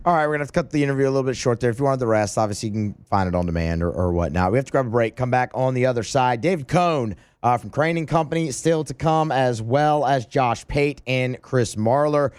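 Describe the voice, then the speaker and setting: A man hosts sports talk radio live in a loose, casual way, with plenty of ums and uhs as he fills time. His voice sits at an ordinary pitch, and the recording is close and dry. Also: fast, few pauses, a little mellow, clean tone, no room sound. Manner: casual, loose, many fillers. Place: radio studio at a media event.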